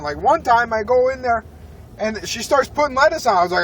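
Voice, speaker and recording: A man's voice: very high voice, animated, a little fast, fairly bright tone, recorded from a distance, slight background noise. A man telling a profane, rambling story in an irritated tone, talking from a parked car. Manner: irritated, swearing, rambling with restarts. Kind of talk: profane ranting story vlog.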